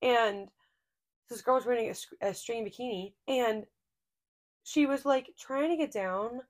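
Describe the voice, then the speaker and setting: A young adult woman co-hosts a podcast, telling stories in a casual, rambling chat full of fillers and laughter. Her voice is fairly high and she speaks a little slowly.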